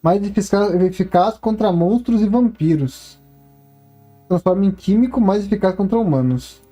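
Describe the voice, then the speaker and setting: A woman's voice: mid-range voice, brisk, mellow, soft background music. Brazilian woman musing through gameplay. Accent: Brazilian Portuguese. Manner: musing aloud to herself. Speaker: gaming streamer. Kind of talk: casual gameplay commentary.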